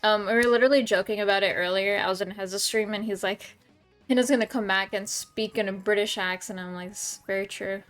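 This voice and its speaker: A woman's voice: medium pitch, fairly even intonation, fairly quick, fairly bright tone, soft background music. Chatty rambling woman streamer. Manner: chatty, rambling, many ums and restarts. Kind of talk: casual chat with stream chat. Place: home room.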